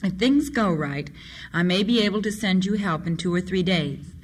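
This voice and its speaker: A bandit chief who talks slow and measured, used to giving orders, as the storyteller puts him on. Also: mid-range voice, a little hiss or hum, close to an everyday voice. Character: calm bandit chief, a grown man.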